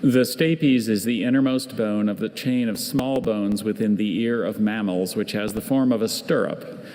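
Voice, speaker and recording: A man, the pronouncer at a spelling bee, reading definitions and word origins in a measured, patient way. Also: fairly low pitch, darkish tone. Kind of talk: reading word information aloud. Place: large competition hall. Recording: hall reverb, faint ambience.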